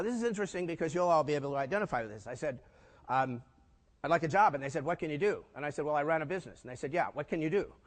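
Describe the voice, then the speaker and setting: An older man tells stories to a conference audience and acts out the dialogue with lively voices. His voice sits a little high for a man. The sound carries the long reverb of a large hall. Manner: animated storyteller acting out quoted dialogue. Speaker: keynote speaker. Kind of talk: storytelling keynote talk.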